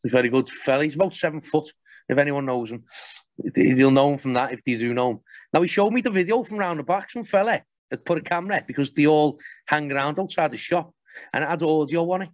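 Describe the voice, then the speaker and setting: A man's voice: a little high, fast, no room sound. A man, a podcast guest telling stories in casual chat, blunt and sweary. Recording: dull, muffled podcast audio.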